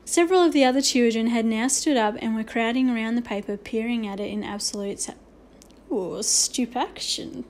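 A woman reading a children's novel aloud, expressive, with small slips and restarts. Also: on the high side. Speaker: narrator. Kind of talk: storybook reading.

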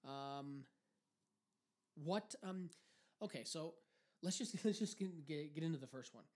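A man's voice: a little high, a little slow, a little mellow. A man co-hosting a podcast in casual chat, profane and rambling, often laughing. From Canada. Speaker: podcast co-host.

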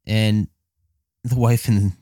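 A man telling a casual story, excitable, laughing often and acting out his own past lines. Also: on the low side, takes it slowly, dry recording, clean studio sound. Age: adult with a child.

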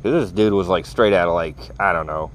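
A man's voice: sits low, a little fast, a little hiss or hum. A man casually telling a story to the camera in a profane, joking way, chuckling often.

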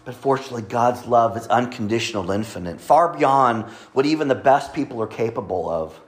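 A man's voice: mid-range voice, animated, a little fast. Earnest man preaching a conversational sermon. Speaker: pastor.

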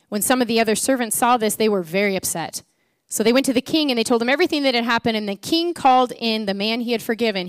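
A woman preaching a sermon, telling a parable with playful, animated rhetorical questions. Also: a little high, no echo, clean studio sound. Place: church.

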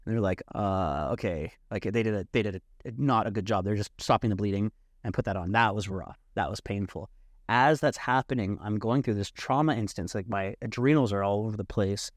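Low-voiced man telling a wild story. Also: brisk, no echo, clean studio sound. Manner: animated, swearing, acts out quoted voices. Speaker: podcast guest. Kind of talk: casual storytelling.

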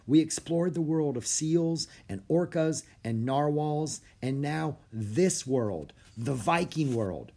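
A man voicing an excited, curious young girl in a storybook reading. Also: on the high side, slow, gravelly, few pauses, voice pushed up, full character voice. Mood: eager. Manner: eager, chatty.

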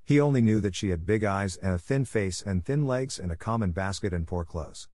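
A man narrating a classic novel as an audiobook, steady and even. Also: fairly low pitch, brisk, dry recording, studio quality.

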